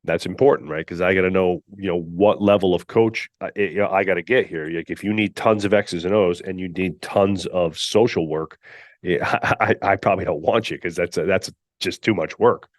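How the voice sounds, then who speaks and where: A man with a lowish voice delivers a blunt coaching monologue as a podcast host, hammering his points home. He is recorded dry and close, with no room sound. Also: fairly even intonation, normal speed, no echo. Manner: blunt, emphatic, peppered with "all right"; mocks candidates in put-on whiny voices. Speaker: podcast host and gym owner.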